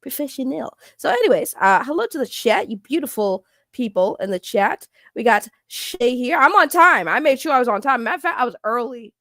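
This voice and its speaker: A woman's voice: on the high side, sing-song, brisk, hardly any pauses, a bit bright, no echo. Woman streamer, chatty and self-mocking, dry close sound. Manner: chatty, self-mocking, greets chat by name. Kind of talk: casual livestream chat.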